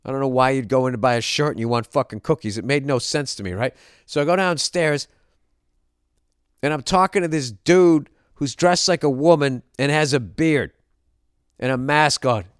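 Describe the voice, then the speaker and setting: A man's voice: a little high, normal speed, clear, resonant tone, no room sound, studio quality. A man hosting a podcast, telling a comic story in a profane, exasperated rant. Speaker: podcast host. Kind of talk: comedic monologue rant.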